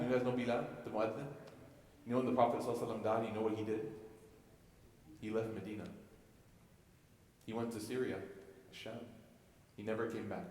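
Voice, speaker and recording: A man giving a storytelling sermon to a young crowd, swinging from loud emphasis down to hushed, soft passages. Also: on the low side, a little hiss or hum. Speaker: speaker at an Islamic center. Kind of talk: sermon to youth. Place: large echoey prayer hall. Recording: echoey hall with long reverb.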